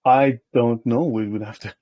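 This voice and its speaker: In a warm, unhurried, mid-range voice that is husky and a little breathy, a male host reads documents aloud and riffs on them loosely and sardonically. He keeps checking in with the listener, saying "okay?". The recording is dry and close, with no room and no echo.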